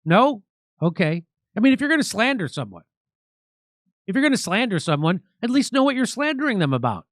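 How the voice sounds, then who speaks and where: A man hosts a political commentary show, mocking an article with heavy sarcasm. His voice sits high and swings widely in pitch. It is recorded on a close, dry mic. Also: dry recording. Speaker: show host.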